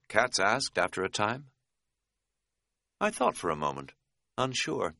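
A man giving a wry, measured first-person audiobook narration. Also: medium pitch, big pitch swings, pushed and bright, dry recording, clean studio sound.

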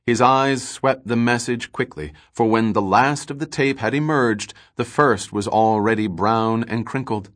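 A man narrating a science fiction story in measured, even storytelling. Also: mid-range voice. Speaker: audiobook narrator. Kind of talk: scripted narration.

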